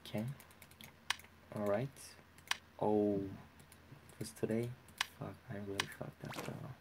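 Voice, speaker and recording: A young man giving casual, profane commentary while playing a game, excitable and talking to himself. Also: on the low side, takes it slowly, noisy background. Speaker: let's play gamer.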